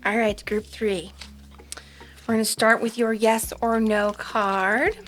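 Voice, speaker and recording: A woman's voice: a little high, little pitch movement, takes it slowly, fairly bright tone, a little hiss or hum. A woman doing a casual pick-a-card tarot reading, chatty and rambling, with frequent ums. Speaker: tarot reader.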